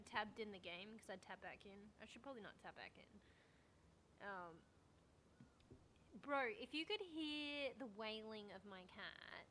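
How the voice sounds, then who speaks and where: A woman's voice: mid-range voice, sharp tone, a little hiss or hum. Rambling, sweary young woman streamer. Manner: rambling and sweary, lots of fillers. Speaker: VTuber streamer. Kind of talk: casual gaming stream chat.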